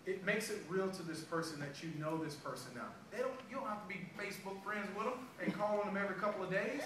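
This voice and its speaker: High-voiced man giving a sales pep talk. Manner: animated storytelling, acting out dialogue. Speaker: sales trainer. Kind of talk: motivational sales training talk. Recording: echoey room, far from mic, background noise.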